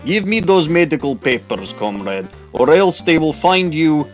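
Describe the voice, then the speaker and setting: A man voicing a gruff, threatening Russian thug with a put-on Russian accent in comic game voice acting. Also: a little high, big pitch swings, measured pace, faint music behind. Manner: over-the-top mock threats.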